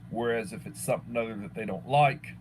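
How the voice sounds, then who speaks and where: On a low-quality recording with a faint hiss or hum, a middle-aged man from Texas chats casually on his livestream, welcoming viewers by name and repeating himself as he works through his thoughts. He talks fast in a fairly low voice.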